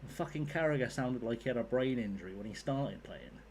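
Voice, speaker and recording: A man's voice: medium pitch, animated, fairly quick, a little mellow, slight background noise. A man giving casual, rambling commentary while playing a game, swearing freely. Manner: rambling, sweary, chatty asides. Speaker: gaming YouTuber.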